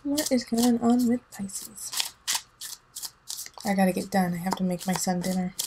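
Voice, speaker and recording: A woman's voice: medium pitch, a little slow, background noise. A woman giving a casual tarot reading, emphatic and teasing, laughing often, with a son at home. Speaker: tarot reader.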